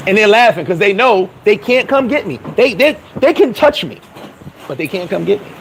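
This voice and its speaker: High-voiced, blunt New man. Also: lively intonation, normal speed, a little hiss or hum, rough recording. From New York. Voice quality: blunt, profane, streetwise. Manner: acts out dialogue in quoted voices. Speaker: vlogger. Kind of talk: casual advice monologue.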